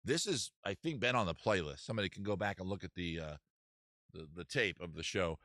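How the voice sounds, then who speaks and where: Brief: man, comedy stream host, lively and animated pitch, bright tone, rambling and self-mocking. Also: brisk, dry recording, studio quality. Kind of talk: comedy livestream chat.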